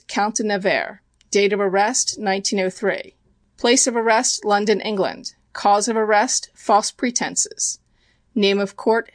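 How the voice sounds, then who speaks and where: A woman's voice: medium pitch, no room sound. Woman narrating an audiobook, dry and close.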